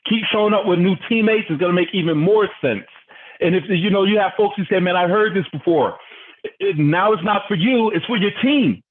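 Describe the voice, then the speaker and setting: Over a conference call, a man with a high voice runs a business training, growing more fired up as he talks a little fast. He sounds preachy and energetic, repeatedly putting questions to his listeners. The audio comes through thin and tinny, like a phone line.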